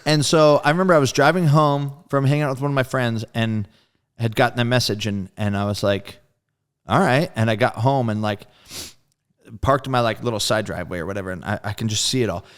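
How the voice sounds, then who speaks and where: Man, smooth resonant voice, mid pitch, casual storytelling guest, acts out quoted friends, laid-back and profane. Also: fairly quick. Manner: loose and profane, full of "like". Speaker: guest drummer.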